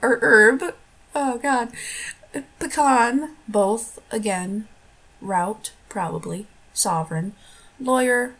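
A young American woman doing a casual accent-tag video, giggling often between her answers. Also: mid-range voice. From United States. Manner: giggly, laughs between words. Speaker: vlogger.

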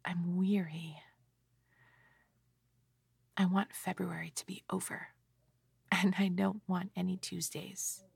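A tired middle-aged woman in a soft, rambling, gently self-mocking whispered ASMR ramble, close to the microphone. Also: lowish voice, level tone, slow, gravelly, long pauses, breathy edge, no echo. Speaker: ASMR creator.

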